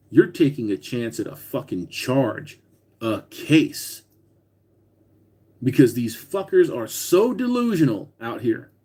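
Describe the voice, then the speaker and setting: A man's voice: medium pitch, warm tone, breathy edge. A man hosting a casual livestream, talking bluntly with lots of swearing and reading out viewer comments as he goes. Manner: profane, blunt, reads viewer comments aloud. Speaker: livestream host.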